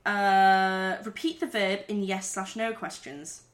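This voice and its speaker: A woman's voice: medium pitch, takes it slowly. A woman with a Geordie accent in casual chat, giggling often and reading tips aloud from a website.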